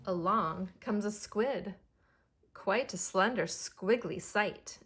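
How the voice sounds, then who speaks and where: A woman preschool teacher reading a picture book aloud to young children in an expressive, child-directed way. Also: medium pitch, slow pace, soft background music.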